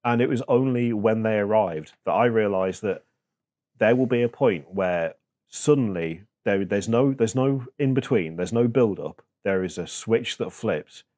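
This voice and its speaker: A man in his thirties, a podcast guest talking in a reflective, halting way with many fillers. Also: fairly low pitch, a little mellow. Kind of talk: casual chat.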